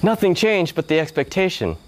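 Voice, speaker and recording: A man's voice: sits high, fairly quick, slight background noise. A man giving a spiritual talk, telling a personal story and acting out his family's voices. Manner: animated, acts out family voices. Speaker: spiritual speaker. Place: yoga hall.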